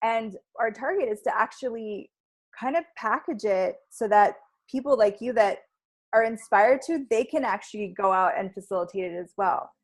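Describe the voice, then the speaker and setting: A woman's voice: on the high side, normal speed. Enthusiastic woman workshop facilitator. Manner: enthusiastic, heartfelt, with frequent "like" fillers. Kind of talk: casual interview chat.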